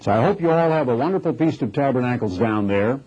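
A man preaching a recorded sermon, emphatic and slowing down on key phrases, from the United States. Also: medium pitch, animated, darkish tone, breathy edge. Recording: dull lo-fi recording with faint music.

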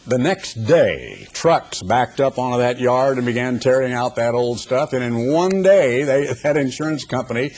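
A man's voice: mid-range voice, animated, moderate pace, hardly any pauses, darkish tone. An older man preaching a sermon, telling folksy stories with humorous asides before turning to scripture. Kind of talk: sermon with anecdotes.

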